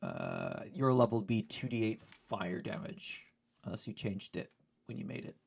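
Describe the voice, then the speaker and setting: A man with a gravelly, creaky voice plays a tabletop game over an online call, making dry quips and reading rules aloud. His pitch moves a lot, lively from line to line. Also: a little slow. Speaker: player.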